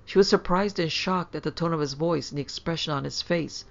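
A woman narrating a classic ghost story for a podcast in a measured, dramatic reading. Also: sits low, creaky. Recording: slightly dull lo-fi sound.

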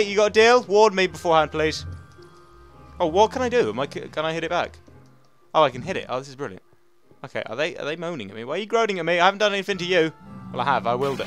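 A man doing game commentary, excitable and chatty, who bursts into panicky yelps and repeats words over and over. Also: medium pitch. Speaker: let's play gamer.

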